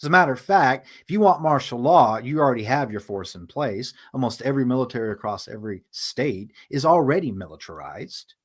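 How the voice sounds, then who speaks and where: A man's voice: mid-range voice, animated, fairly quick, hardly any pauses, slightly rough. A man hosting a stream, telling a story in a casual, profane monologue and acting out the voices of people he quotes. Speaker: livestream host.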